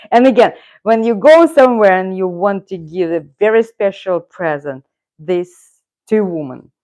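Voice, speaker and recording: A woman's voice: fairly low pitch, darkish tone, lo-fi sound. A middle-aged woman from Russia, a native Russian speaker, hosting a casual live stream with rambling, self-correcting talk and frequent chuckles. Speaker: channel host.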